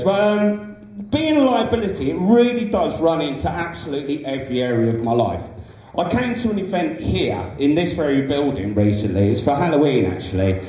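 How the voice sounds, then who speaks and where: Filmed by a far-off camera in an echoey small comedy club, a young comic rambles through his set, leaning heavily on "you know." His voice is on the high side and mellow, with a faint hiss or hum.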